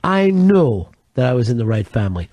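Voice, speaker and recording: Deadpan man telling a dark comic tale. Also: medium pitch, brisk, no room sound. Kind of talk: comedic storytelling.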